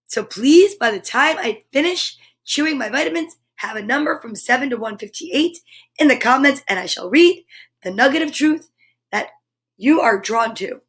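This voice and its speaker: A woman with a high voice hosts a live stream from home. She is bubbly and exclamatory, chatting with her viewers and reading their comments aloud. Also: lively intonation, normal speed, a bit bright, husky. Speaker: host of a live comedy stream.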